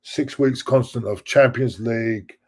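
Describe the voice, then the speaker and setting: A middle-aged host of a fan live stream reads viewer messages, rambling on and repeating himself. His medium-pitched voice has a darkish tone and a measured pace.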